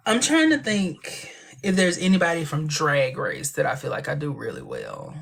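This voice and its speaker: A man hosting a casual livestream chat, talking in a chatty, expressive way with playful asides. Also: fairly high pitch, moderate pace, creaky. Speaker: livestream host.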